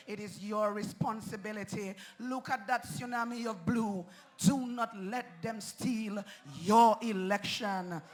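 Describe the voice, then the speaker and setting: A man giving a fiery campaign speech at an outdoor rally, rousing and shouting slogans into a stage microphone. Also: high voice. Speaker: political rally speaker.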